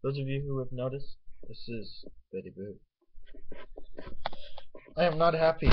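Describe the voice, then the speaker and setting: A man's voice: medium pitch, lively intonation, normal speed, highs cut off, noisy background. A man talking casually to his viewers in a rambling vlog, swearing freely and losing his train of thought. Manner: rambling, profane, easily sidetracked. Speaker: vlogger.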